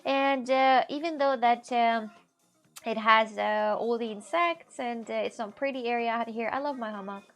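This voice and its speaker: A woman streamer chatting casually in halting, simple phrases, with a stuffy nose, sitting outdoors in a hammock. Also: a little high, gravelly, faint music behind. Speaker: live streamer. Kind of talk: casual live-stream chat.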